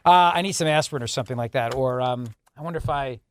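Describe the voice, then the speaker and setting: A man's voice: mid-range voice, fast, smooth. A man hosting a talk radio show, chatting casually and reading listener tweets and ads. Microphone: studio microphone.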